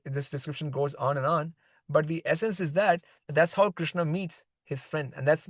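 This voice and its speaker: A man's voice: a little high, no echo, low-quality recording. A man teaching a scripture class, reading a devotional story aloud and then explaining it in plain words. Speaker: spiritual teacher.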